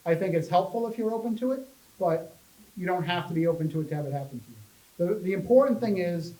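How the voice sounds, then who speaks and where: High-voiced chatty man in an echoey room. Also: fast, distant mic. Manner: chatty storyteller, animated, joking with the audience. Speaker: paranormal investigator giving a talk. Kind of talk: casual public talk. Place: public library meeting room.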